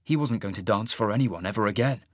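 A man narrating a fantasy story in an expressive, scripted reading. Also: on the low side, fast, no echo, clean studio sound. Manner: expressive, rising sharply for the hero's angry lines. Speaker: audiobook narrator.

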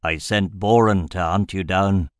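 A hulking shaman lord with a low, rumbling voice, as a male narrator puts him on. He speaks in a formal, menacing growl, deep and unhurried. The sound is dry and close, with no room around it. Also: steady tone, clear, resonant tone, no echo.

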